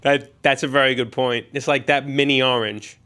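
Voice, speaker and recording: A man's voice: medium pitch, fairly even intonation, normal speed, pushed and bright, clear, resonant tone. A man hosting a podcast in casual banter, agreeable, laughing easily and steering the talk. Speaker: podcast host.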